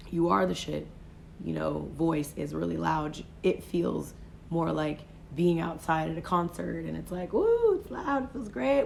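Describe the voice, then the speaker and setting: Woman, life coach, low and gravelly with vocal fry, reflective and conversational, phone livestream. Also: a little hiss or hum. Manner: reflective, unhurried, peppered with "you know". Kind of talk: casual motivational livestream talk.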